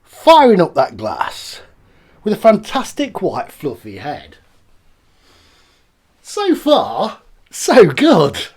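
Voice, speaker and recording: A man's voice: sits high, huge pitch swings, takes it slowly, long pauses, darkish tone, breathy edge. A man casually reviewing beers and cider on camera, chatty and rambling as he tastes each one. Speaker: beer reviewer.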